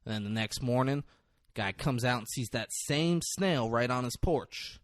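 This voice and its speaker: A man co-hosting a podcast in casual chat, retelling a film scene with lots of swearing and quick acted-out lines. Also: medium pitch, no room sound, studio quality. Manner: animated, profane, acts out film lines in quick voices. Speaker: podcast co-host.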